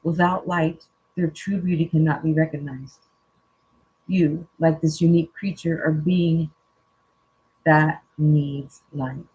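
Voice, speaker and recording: A spiritual coach reads an inspirational passage aloud, slow and earnest, with a husky, breathy tone. The pitch sits in a middle range, and the voice sounds teary-eyed throughout. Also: fairly even intonation, darkish tone, lo-fi sound. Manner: slow, earnest reading broken by casual joking asides.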